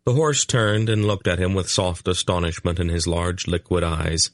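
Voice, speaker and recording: A male audiobook narrator reading a story in an even, measured way. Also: low voice, no room sound, studio quality. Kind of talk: scripted narration.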